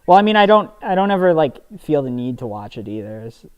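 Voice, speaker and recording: A young man, a podcast co-host, chatting casually while gaming, rambling and halting with lots of restarts and fillers, a bit spacey. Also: a little high, big pitch swings, smooth, muffled recording. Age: young adult. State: a little spacey.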